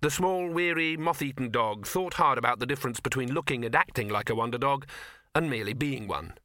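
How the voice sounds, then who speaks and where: Bright dry-voiced male narrator. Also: mid-range voice, fairly quick, dry recording. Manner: dry comic storytelling. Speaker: audiobook narrator. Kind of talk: scripted narration.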